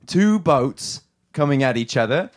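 A man's voice: medium pitch, animated, unhurried, close to an everyday voice. A man playing a hotel worker who stays in pirate character, telling tall tales with a straight face in an improvised comedy podcast. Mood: deadpan.

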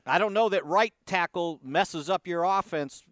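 Hesitant questioning man, higher voice. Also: measured pace, fairly bright tone, no echo, clean studio sound. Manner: hesitant, asks questions with many fillers. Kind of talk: casual sports talk.

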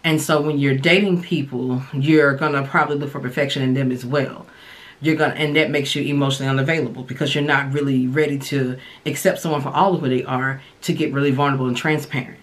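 A woman hosting a podcast, giving casual, candid dating advice and sharing her own experience in a relaxed, colloquial way. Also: very deep voice, fast talker. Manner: relaxed colloquial delivery with frequent fillers. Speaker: podcast host and dating coach.

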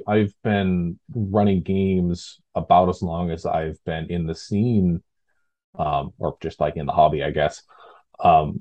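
A man's voice: sits low, dark tone. A man talking casually as an interview guest, rambling with fillers and restarts. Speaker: guest, tabletop game designer.

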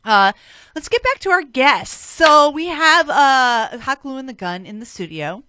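A woman hosting a community radio show in a studio, chatting loosely with guests, swearing freely and filling pauses with "uh". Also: high voice, lively intonation, sharp tone, dry recording. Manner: swears freely, many "uh" fillers, loose and joking. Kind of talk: casual on-air banter. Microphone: studio microphone.

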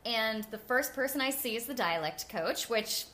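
A young woman with a bright, clear voice set a little high. She tells her stories in a casual interview, animated and chatty, with lots of "like". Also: normal speed. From New Jersey. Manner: animated and chatty, with frequent "like" and laughter. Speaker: guest.

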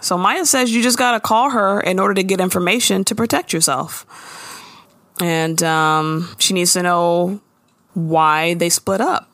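A woman's voice: on the low side, a little slow, no room sound. A woman co-hosting a podcast, recapping a show in casual, slangy, laughing conversation. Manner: animated, laughing, slangy storyteller. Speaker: podcast co-host.

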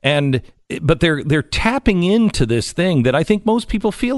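A man hosting talk radio in a lively, sweeping voice that climbs and drops. He talks in an animated, mocking way, swinging from loud to quiet. The sound is dry and close. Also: a little high, normal speed, dry recording. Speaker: radio show host. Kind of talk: political talk radio chat.

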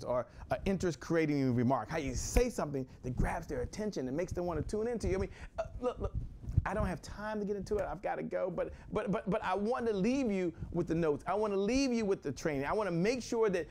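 A man from Washington, D.C. in his forties, hosting a motivational sales talk with an energetic, repetitive delivery. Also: on the high side. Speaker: host, sales coach.

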